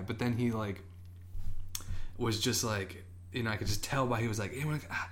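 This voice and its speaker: A man's voice: medium pitch, fairly even intonation, normal speed, fairly bright tone, slight background noise. A man on a podcast casually telling a long, rambling story, often acting out what people said. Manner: rambling anecdotes, acts out quoted voices. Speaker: podcast co-host.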